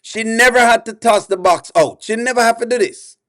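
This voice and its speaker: A man's voice: very high-pitched, brisk, a bit bright. A man reacting on a live stream, exasperated and pleading with his chat, repeating himself over and over.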